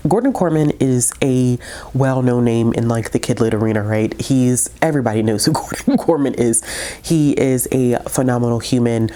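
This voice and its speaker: A woman with a very deep voice chats casually about the books she read, heartfelt and tearful. She stumbles and restarts often as she talks. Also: moderate pace, warm tone. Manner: emotional, heartfelt, many fillers and restarts. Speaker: book vlogger. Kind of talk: casual book review chat.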